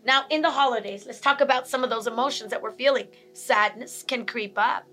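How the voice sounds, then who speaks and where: A woman's voice: a little high, brisk, bright, forceful tone, faint music behind. A woman giving a teaching talk on handling emotions, repeating key points and acting out angry and sad examples. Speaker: speaker on emotional health.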